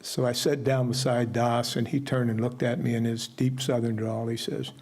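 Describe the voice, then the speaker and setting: Older man, memorial remembrance, gravelly, husky, storytelling. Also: medium pitch, level tone, darkish tone. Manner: storytelling, unhurried with asides. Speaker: memorial speaker. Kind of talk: personal remembrance at a memorial service. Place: ashram gathering hall.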